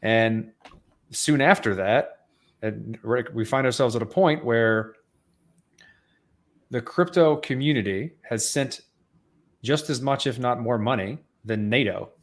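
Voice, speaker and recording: A man's voice: medium pitch, takes it slowly, long pauses. A man co-hosting a podcast in casual chat, earnestly explaining at length. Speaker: podcast co-host.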